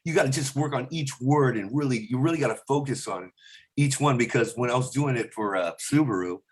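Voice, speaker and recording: A male stand-up comedian chatting in an interview, rambling through stories and slipping into quick voices. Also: medium pitch. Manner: rambling, slips into voices and impressions mid-story. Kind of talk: casual interview chat with quick impressions.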